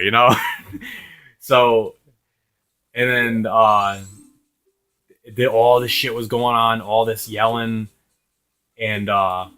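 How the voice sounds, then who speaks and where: A man's voice: lowish voice, fairly even intonation, measured pace, long pauses, pushed and bright, clean tone. Rambling, profane young man telling stories. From Rhode Island, USA. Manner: rambling, profane, laughs often. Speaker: gaming channel host. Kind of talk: casual storytelling over gameplay.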